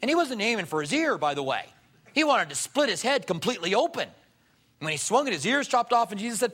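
A male pastor preaching a sermon, animated and acting out the people he quotes. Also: high-pitched, quick pace. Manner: animated, acts out quoted voices.

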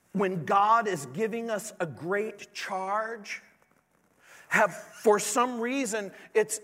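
A man's voice: high voice, bright, forceful tone. A man preaching a sermon as a pastor, earnest and pleading, with many rhetorical questions. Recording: long hall reverb.

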